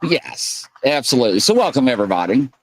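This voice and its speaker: A man's voice: medium pitch, big pitch swings, quick pace, slight background noise. A man hosting a casual livestream, rambling and joking as he reads chat comments aloud and greets viewers. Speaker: host.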